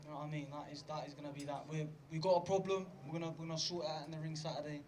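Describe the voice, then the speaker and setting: Fast-talking, determined male boxer. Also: on the high side, fairly even intonation, a little mellow, a little hiss or hum. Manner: blunt and determined. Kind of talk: post-weigh-in interview.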